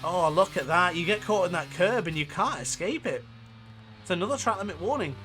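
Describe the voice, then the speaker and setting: A man with a northern English accent giving chatty, excitable gameplay commentary while racing, laughing often. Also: high voice, brisk, faint music behind.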